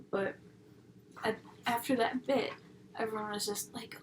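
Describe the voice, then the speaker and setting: A woman's voice: medium pitch, fairly even intonation, normal speed, pauses often. A young woman reviewing an episode in a casual, rambling way, full of tangents and sarcastic asides. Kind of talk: casual chat. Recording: audible background noise.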